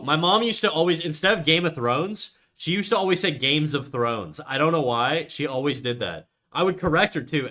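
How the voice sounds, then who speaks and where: A man's voice: medium pitch, bright, forceful tone. A young man from Canada chatting casually on a drawing stream, rambling and laid-back, and swearing freely. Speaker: art streamer. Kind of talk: casual chat while drawing.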